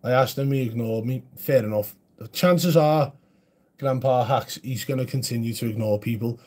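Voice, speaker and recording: A husky-voiced man talks loosely to his live-stream chat, blunt and chatty as he answers viewer comments. His pitch sits in an ordinary middle range for a man. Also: moderate pace, a little mellow.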